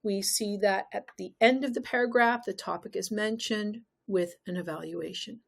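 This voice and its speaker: A woman's voice: mid-range voice, moderate pace, vocal fry. A woman teaching an exam-prep lesson, talking emphatically and putting questions to the viewer.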